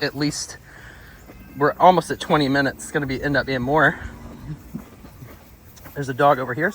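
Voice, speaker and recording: A man with a high-pitched voice, talking casually as a dog trainer out on a walk. He explains his methods in a relaxed way and praises the dog often. The air outdoors carries a faint background noise. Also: poor audio.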